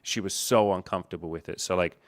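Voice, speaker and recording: A man's voice: deep voice, steady tone, quick pace. A man hosting a casual coaching Q&A, talking in a candid, profane, easygoing way. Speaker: host.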